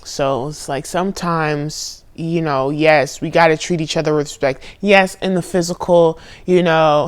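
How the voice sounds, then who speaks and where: A woman's voice: deep voice, steady tone, measured pace, few pauses. Candid young woman venting into her phone. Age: young adult. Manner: candid, profane, swings between murmuring and loud outbursts. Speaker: spiritual vlogger. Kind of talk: confessional vlog monologue. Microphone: phone camera.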